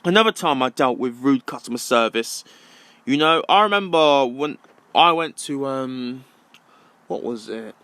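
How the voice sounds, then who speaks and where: A man's voice: mid-range voice, lively intonation, a little slow, a bit bright, dry recording. A young man ranting casually to camera, rambling and repeating himself with many ums. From London. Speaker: vlogger.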